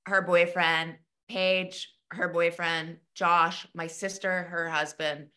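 A woman's voice: fairly low pitch, flat delivery, slow pace, pushed and bright. A middle-aged woman co-hosting a podcast, telling a rambling, emotional story in casual chat. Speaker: podcast co-host.

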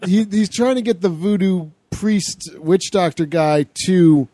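A man's voice: high-pitched, a little slow, dark tone, dry recording, clean studio sound. A man co-hosting a podcast, laughing often as he recaps a movie plot in casual chat. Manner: laughs often, talks through plot points with restarts. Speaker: podcast co-host.

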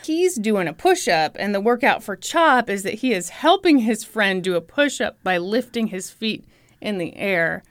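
A woman's voice: medium pitch, big pitch swings, moderate pace, dry recording, studio quality. A woman co-hosting a comedy chat show, telling a story in a playful, teasing way. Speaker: podcast co-host.

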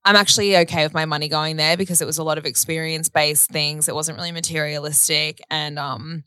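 A woman's voice: low voice, steady tone, fast talker, bright, forceful tone, clear, resonant tone, no echo. A young woman co-hosting a podcast, telling stories in a chatty, giggly way. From Australia. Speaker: podcast co-host. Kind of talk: casual chat.

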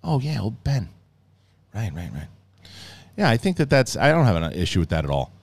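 A middle-aged man giving a casual, rambling review of a show, often acting out scenes in quick mock voices. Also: sits low, huge pitch swings.

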